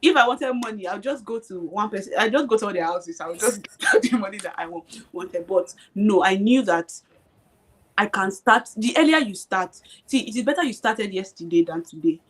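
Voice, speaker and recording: A woman's voice: medium pitch, expressive, moderate pace, a bit bright, husky. A young woman guest on a live stream, speaking emphatically and repeating her points, often checking that she is understood. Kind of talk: motivational live-stream chat.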